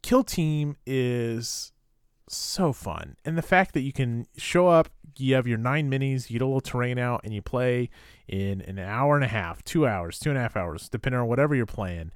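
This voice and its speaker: Male podcast co-host, casual and chatty, mid pitch, dry close mic. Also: moderate pace, smooth, no echo. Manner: chatty, lots of fillers and restarts. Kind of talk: casual chat.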